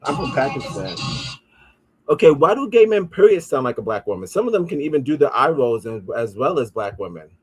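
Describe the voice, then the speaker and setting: A man's voice: medium pitch, sing-song, fairly quick, slight background noise. Male podcast host, mid-range voice, casual comedic riffing, swears freely, reads comments aloud.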